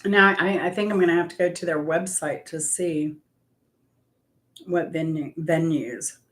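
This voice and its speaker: A woman's voice: low voice, steady tone, a little slow, fairly bright tone. A woman hosting a casual livestream, chatting and rambling to viewers and greeting them by name.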